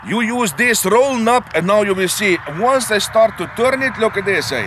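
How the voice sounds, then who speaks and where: Out in a grassy field, a high-voiced RC pilot who hosts a channel casually walks through his remote-control plane's settings step by step. His intonation is lively at normal speed, and he tags many sentences with a questioning "eh?" The background is noisy, with faint outdoor ambience behind him.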